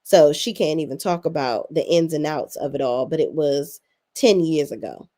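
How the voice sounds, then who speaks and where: A woman's voice: deep voice, normal speed, mellow. A young adult woman hosting a casual recap, blunt, sassy and full of swearing. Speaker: reality TV recap host.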